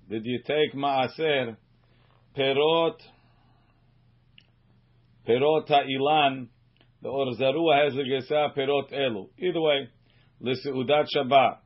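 A man teaching a Talmud class as a rabbi, reading Aramaic phrases slowly and then explaining them in quick English. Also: mid-range voice. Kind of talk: Talmud study lesson reading and translating. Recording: muffled lo-fi recording.

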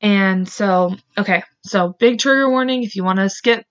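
A woman's voice: mid-range voice, moderate pace. An American woman hosting a true crime podcast, talking in a loose, chatty way full of "like" and "you know". She swears hard when she gets worked up. The recording sounds slightly dull, like a home setup. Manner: casual, heavy with "like", swears when angry. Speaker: podcast host.

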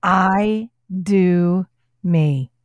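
A woman's voice: lowish voice, drawn-out words, no echo, lo-fi sound. A woman hosting a podcast, chatting with her co-host in an effusive, enthusiastic way. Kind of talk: casual podcast chat.

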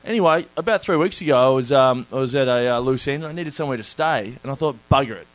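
A man's voice: mid-range voice, quick pace. Laid-back Australian man telling a story. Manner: laid-back, laughing, self-mocking anecdotes. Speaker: comedian guest telling a story. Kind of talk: casual storytelling chat.

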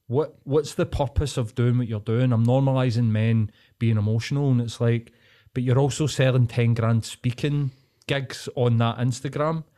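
A man's voice: medium pitch, fairly even intonation, moderate pace, dark tone. A man hosting a podcast, talking bluntly and swearing a lot as he rants in casual chat. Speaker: podcast host.

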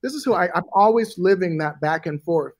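A middle-aged man telling a story in a casual interview, animated and profane, acting out the people in it. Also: high-pitched, a little fast. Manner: animated, profane, acts out voices in anecdotes. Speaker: guest.

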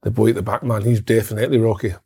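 A man pundit in a loose football chat. He talks quickly and rambles, restarting and repeating his phrases as he goes. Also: fairly low pitch, little pitch movement, a little mellow, husky.

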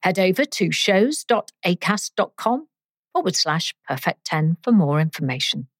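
A woman's voice: on the low side, normal speed. A woman hosting a quiz podcast, playful and emphatic in a scripted read. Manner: playful, emphatic, lively delivery. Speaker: quiz host.

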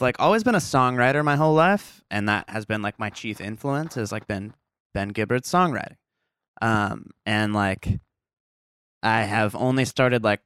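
A man's voice: fairly low pitch, a bit bright, clear, resonant tone, no room sound, studio quality. A man being interviewed as a musician guest on a podcast, rambling casually with lots of "like" and easy laughs. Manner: rambling, heavy use of "like", laughs easily. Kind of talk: casual conversation.

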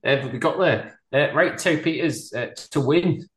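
A man's voice: fairly high pitch, moderate pace, a bit bright, echoey room. A man hosting a comedy podcast, amused and chatty as he moves the show along. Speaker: podcast host. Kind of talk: casual chat.

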